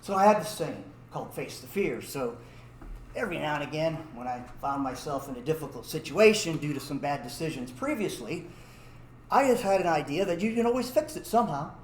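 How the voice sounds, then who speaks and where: A man tells a comic personal story, his fairly high voice swinging up and down. He acts out the voices of everyone in it. The room echoes and a faint hiss sits behind him. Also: lively intonation, fairly quick.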